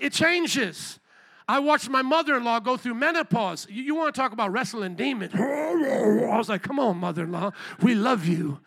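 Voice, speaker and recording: Pastor guy preaching loud n lively, really bright sharp tone, high pitched. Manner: animated preaching, call-and-response asides, bursts of shouting. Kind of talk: sermon.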